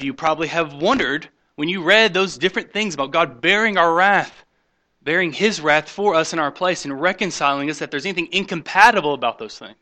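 A man preaching a sermon, swinging between loud emphatic points and quiet hushed asides, mocking skeptics in quoted voices. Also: fairly high pitch, a little fast. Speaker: pastor.

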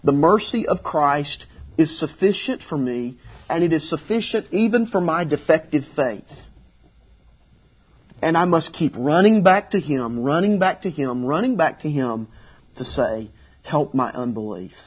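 Husky-voiced pastor preaching earnestly. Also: male voice, fairly high pitch, expressive, measured pace, muffled recording. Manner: earnest, conversational, emphatic repetition. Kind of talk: sermon.

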